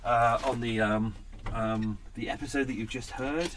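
A man's voice: mid-range voice, fairly even intonation, a little slow, fairly bright tone, slight background noise. A man hosting a podcast, chatting unscripted and rambling, swearing and poking fun at himself. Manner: rambling, sweary, self-mocking. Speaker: podcast host. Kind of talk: unscripted casual monologue. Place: on a narrowboat in London.

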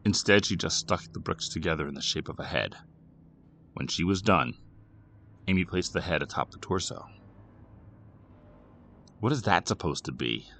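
A man narrating a scripted horror story with a dramatic, expressive reading. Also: low-pitched, moderate pace, creaky, slight background noise.

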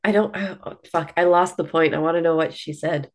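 A woman's voice: deep voice, fairly even intonation, fairly quick. A woman co-hosting a podcast, chatting casually about a book in a blunt way, with lots of "like" and the odd swear word. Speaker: podcast co-host. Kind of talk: casual book review chat.

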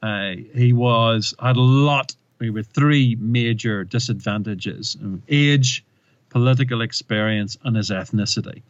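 A man's voice: medium pitch, measured pace, lo-fi sound. A man in an interview, explaining a communication case study and telling stories with rising emphasis. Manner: animated storyteller, retells with rising emphasis.

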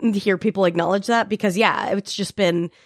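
A young woman guesting on a podcast, speaking in a relaxed, soft-spoken way. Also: medium pitch, normal speed, no echo. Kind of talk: casual chat.

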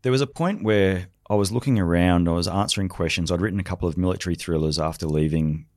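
A deep-voiced man, a special forces veteran turned leadership consultant, tells war stories in a storytelling podcast conversation. He speaks quickly with a darkish tone, spinning vivid anecdotes and acting out quoted dialogue. The recording is dry, with clean studio sound.

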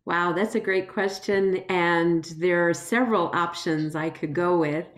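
A woman's voice: lowish voice, fairly even intonation, measured pace. A middle-aged or older woman, a religious sister, answering a panel question thoughtfully over a video call.

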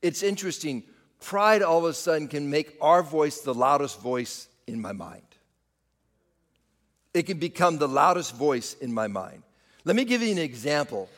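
A man's voice: a little high, animated, moderate pace, a bit bright. Preaching man in a reverberant hall. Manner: preaching with rising and falling emphasis, addresses the congregation directly. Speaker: pastor. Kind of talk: sermon.

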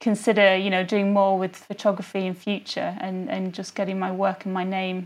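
A woman's voice: mid-range voice, flat delivery, quick pace. Chatty woman guest on a podcast. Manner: friendly, lots of "you know" fillers. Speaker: interview guest, photographer. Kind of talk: casual interview conversation.

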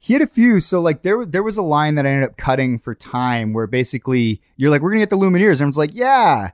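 A man who writes and directs, telling stories in quick casual chat over a video call. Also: a little high, darkish tone, dry recording, clean studio sound. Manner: fast, storytelling, laughing.

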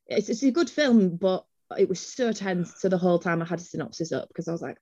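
A woman, chatting casually as a podcast co-host and telling stories in an animated, self-deprecating way. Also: on the low side, quick pace, husky, no room sound. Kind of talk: casual chat on a call. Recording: dull, slightly lo-fi call audio.

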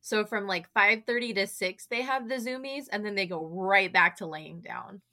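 A young woman with a bright, clear voice chats casually on a podcast she records from home. She talks in an easy, friendly way and drops into little voices when she tells stories about her dogs. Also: mid-range voice, moderate pace. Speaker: podcast host. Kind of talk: casual chat.

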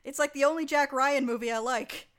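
A woman co-hosting a casual podcast with a slightly high-pitched voice. She talks wryly and bluntly and drops casual swears. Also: steady tone, a little fast, fairly bright tone. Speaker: podcast co-host. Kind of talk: casual chat.

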